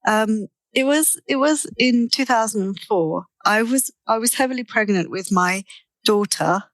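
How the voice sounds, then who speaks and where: A middle-aged woman, a therapist guest, telling a personal story in an interview with animated delivery and frequent restarts. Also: a little high, a little slow, no room sound.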